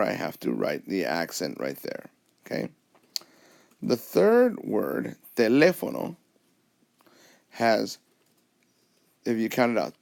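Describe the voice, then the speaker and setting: A Spanish teacher with a lowish, gravelly, slightly mellow voice talks through a recorded whiteboard lesson, sounding like he's at a tablet. He explains patiently step by step and keeps checking in with his listeners.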